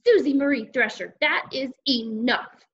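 A woman's voice: medium pitch, expressive, moderate pace, sharp tone, muffled recording, a little hiss or hum. A woman voicing a stern, serious father giving firm orders. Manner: firm, commanding.

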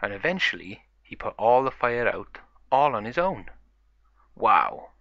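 A man's voice: medium pitch, big pitch swings, normal speed, no echo, highs cut off. A man narrating a toy play story in a chatty, run-on way.

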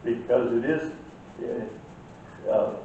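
A man's voice: medium pitch, fairly even intonation, slow pace, narrow, tinny audio, background noise. An older man teaching a church Sunday school class in an earnest way that gets worked up, heard from far off in an echoey room.

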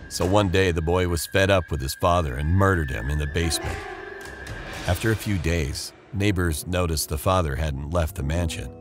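Man, very low voice, scripted story narration, steady measured delivery, faint music underneath. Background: faint background music.

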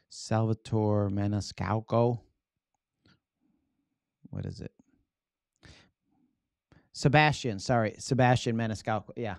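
A man giving a casual live-streamed talk on public speaking, lively and acting out his examples. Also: on the low side, slow, vocal fry, pauses often, clean tone, no room sound, studio quality. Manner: animated, acts out examples with his body; casual, loose phrasing with "right?" tags.

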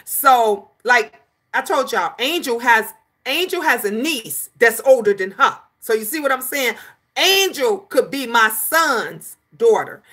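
A woman's voice: fairly high pitch, animated, a little slow, sharp tone. A middle-aged woman chatting casually on a livestream, reading viewer comments and calling people honey.

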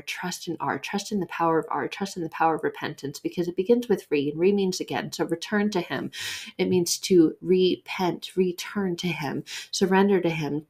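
A woman hosting a devotional talk on prayer, earnest and emphatic, repeating short phrases for weight. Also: on the low side. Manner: drops to soft near-whisper in prayer passages. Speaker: podcast host teaching on prayer.

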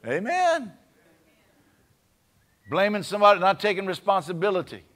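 A man's voice: sits high, very animated, moderate pace, a bit bright. A man with a Cajun accent preaching a sermon in a conversational way, often asking his congregation for an amen. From Louisiana. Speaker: pastor.

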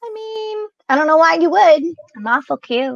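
A woman comedian trading dry, sarcastic quips on a video call. Her voice is high and swings in lively ups and downs. The sound is dry and close. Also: normal speed, gravelly, no echo, highs cut off. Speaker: comedian guest. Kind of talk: casual chat on a video call.

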